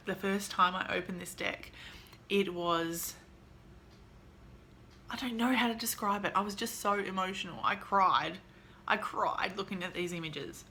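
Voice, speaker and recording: Bright-voiced, gushing woman. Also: lowish voice, slight background noise. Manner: gushing, excitable, chatty with many fillers. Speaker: vlogger showing a tarot deck haul. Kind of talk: casual chat.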